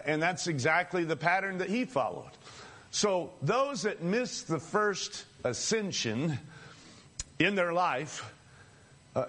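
Male preacher, high voice, repetitive emphatic sermon delivery with light chuckles. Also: a bit bright. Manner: addresses listeners as friends, repeats phrases for emphasis, chuckles between points.

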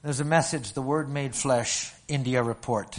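An older man from Alberta, Canada, preaching a sermon and telling a story with stammering restarts and animated storytelling. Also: mid-range voice, normal speed. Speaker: pastor.

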